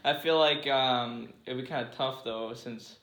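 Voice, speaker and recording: A man's voice: medium pitch, a little slow, a bit bright. A man chatting casually as a guest on a podcast with friends, telling stories while laughing. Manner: joking, laughing storyteller. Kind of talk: casual chat among friends. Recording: echoey room.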